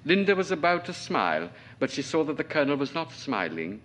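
A man's voice: on the high side, very animated, fairly bright tone. Man from Trinidad reading fiction. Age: 40s. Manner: measured, precise, literary reading. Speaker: novelist, lecturer. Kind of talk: reading his own fiction aloud at a lecture.

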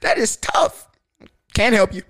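A man's voice: high voice, measured pace. A young man telling a story casually and profanely, acting out the voices he quotes. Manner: animated, loose and profane, acts out quoted voices.

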